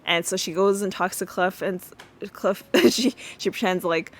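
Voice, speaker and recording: A woman's voice: mid-range voice, steady tone, a little slow. A woman hosting a podcast, casually retelling a TV episode with lots of fillers and acted-out quotes. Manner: chatty retelling with many fillers, acting out quotes. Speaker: podcast host.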